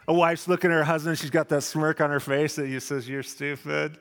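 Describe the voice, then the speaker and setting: A middle-aged man preaching a sermon to a congregation, swinging between loud animated questions and quiet confessional lines. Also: fairly high pitch, fairly quick, hardly any pauses, big-room sound. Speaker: pastor. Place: church hall with congregation.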